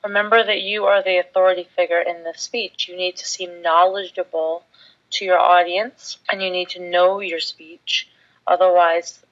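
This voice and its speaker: Female instructor, lowish voice, measured scripted lesson delivery, slightly dull lo-fi sound.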